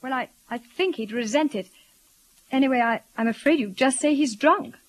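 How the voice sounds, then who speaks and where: An anxious, tender young woman, breathy, higher voice, old radio play. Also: normal speed, no echo. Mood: worried. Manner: soft, often breathy and hushed. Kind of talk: 1940s radio acting.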